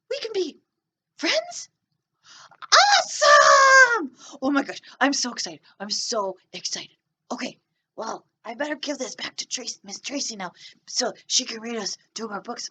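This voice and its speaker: A woman voicing a shy, nervous young boy who stammers and gushes, on a children's storytime show. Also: fairly bright tone. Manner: stammering, gushing, wide pitch swings.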